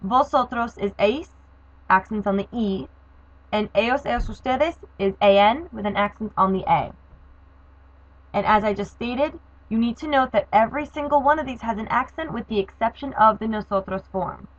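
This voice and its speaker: A woman's voice: a little high, moderate pace, no echo. A woman teaching a grammar lesson, explaining verb forms methodically and spelling out endings letter by letter. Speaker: Spanish teacher. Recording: dull, dry lo-fi recording.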